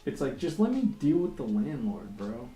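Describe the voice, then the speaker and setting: A man's voice: mid-range voice, big pitch swings, moderate pace, mellow. Laid-back, rambling male streamer, roomy sound. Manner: laid-back, rambling, profane, laughs often. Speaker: comic artist livestreaming while drawing. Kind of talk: casual chat. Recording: roomy echo, faint music behind.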